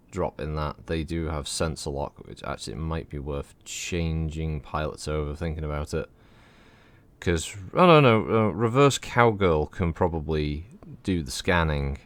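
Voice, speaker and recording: A low-pitched man chats his way through a game stream, meandering from thought to thought and swearing freely. His voice sits close and dry on the mic, with no room around it. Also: no room sound. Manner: rambling, chatty, swears freely. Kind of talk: casual gameplay commentary.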